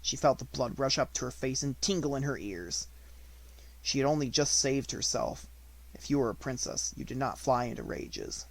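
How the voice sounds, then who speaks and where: A man narrating a children's classic in an even, measured reading. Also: mid-range voice, vocal fry. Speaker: audiobook narrator. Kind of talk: unabridged audiobook reading.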